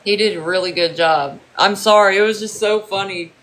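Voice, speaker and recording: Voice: mid-range voice, normal speed, a bit bright. A livestreamer chatting loosely with viewers, rambling and swearing often. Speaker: livestream host. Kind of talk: casual chat with viewers.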